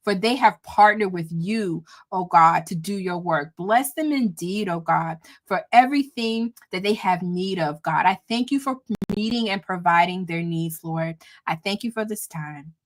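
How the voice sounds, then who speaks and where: A woman's voice: lowish voice, measured pace. A woman hosting a livestream, leading a fervent spoken prayer and blessing for her viewers, coming back again and again to "oh God", emotional and close to tears, with a light lilt. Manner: fervent, repeats "oh God" between phrases. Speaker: livestream host.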